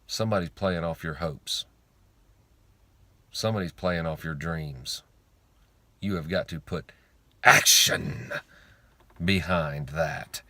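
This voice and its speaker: A man's voice: low-pitched, bright, forceful tone, no echo. A man giving a blunt, emphatic motivational talk on faith and money, repeating lines for effect and swearing casually. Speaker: online speaker on faith and money. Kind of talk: informal motivational monologue.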